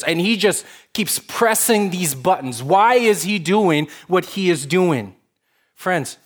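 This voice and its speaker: A man preaching a sermon in a conversational way, building to emphatic stretches. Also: medium pitch. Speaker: pastor.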